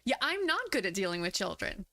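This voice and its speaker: A woman's voice: mid-range voice, very animated, brisk, vocal fry, bright, forceful tone, a little hiss or hum. Blunt, swearing woman streamer. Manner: frank, blunt, swears freely. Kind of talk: casual chat on a gaming livestream.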